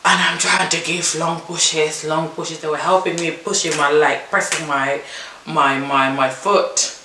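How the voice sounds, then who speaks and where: Animated woman telling a story in an echoey room. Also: sits low, unhurried. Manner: animated, acts out the midwives' and her own lines in a raised voice. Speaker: vlogger telling her birth story. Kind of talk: casual storytelling to camera. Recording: echoey room, mic at a distance, faint hiss.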